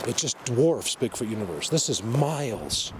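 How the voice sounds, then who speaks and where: An outdoor vlogger walks through wild country, talking excitedly and rambling into a handheld camera mic, tripping over and repeating his words. His voice is mid-range at a normal pace, with outdoor noise in the background.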